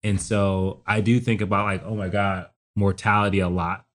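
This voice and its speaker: A man's voice: fairly low pitch, little pitch movement, moderate pace. A middle-aged man, a father, talking earnestly in a casual family chat, often restarting his sentences. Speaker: father and podcast co-host.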